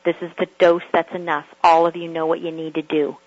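A woman's voice: fairly low pitch, level tone, fairly quick, dull audio. A woman working as a personal coach, giving an earnest motivational talk that repeats rhetorical questions.

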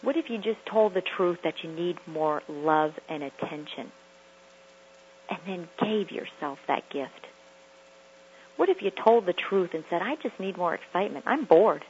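A woman's voice: fairly low pitch, a little slow, darkish tone, highs cut off, a little hiss or hum. A woman hosting a self-help radio talk, speaking emphatically and repeating phrases for effect. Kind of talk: motivational talk.

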